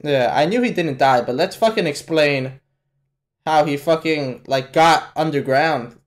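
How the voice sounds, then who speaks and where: Slow-talking, profane anime reaction host. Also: male voice, on the high side. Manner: profane, excitable, bursts into loud exclamations; casual slangy talk to the viewer. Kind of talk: live anime reaction commentary.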